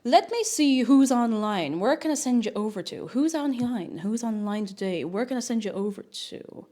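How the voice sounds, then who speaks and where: Chatty woman streamer, slightly high. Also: animated, normal speed. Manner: chatty, scattered, playful, bursts into sing-song and shouting. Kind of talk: casual live-stream chat.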